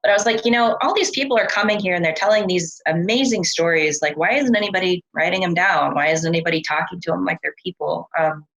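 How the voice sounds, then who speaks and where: Woman interview guest, deep voice, relaxed storyteller, chatty. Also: fast talker, vocal fry, hardly any pauses, muffled recording. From California. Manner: chatty, relaxed, loose with fillers. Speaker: interview guest, experiencer researcher. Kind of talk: casual conversational storytelling.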